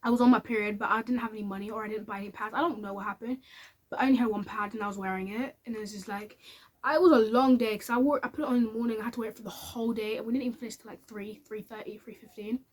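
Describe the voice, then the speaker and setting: Brief: woman, chatty storytime vlogger, quick delivery, slightly high voice. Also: fairly even intonation. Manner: chatty and candid, with many fillers. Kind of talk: casual storytime monologue.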